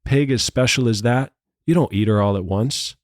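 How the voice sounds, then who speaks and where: A man voicing a sleepy rural male farmer who tells a long tale in a hushed, folksy drawl, with little patience left for his visitor. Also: mid-range voice, normal speed, dry recording, studio quality, lightly acted. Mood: storytelling. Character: sleepy, patient older male farmer, growing short-tempered.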